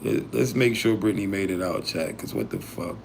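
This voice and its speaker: A man's voice: deep voice, normal speed, creaky, a little hiss or hum. A man hosting a livestream, talking casually and profanely to his chat in heavy slang. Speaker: livestream host.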